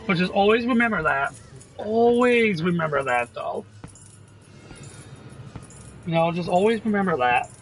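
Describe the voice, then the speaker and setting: A man's voice: sits high, expressive, measured pace, pauses often, fairly bright tone, soft background music, poor audio. A man casually talking while playing a game, earnest and reassuring, with plenty of swearing. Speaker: gameplay video creator.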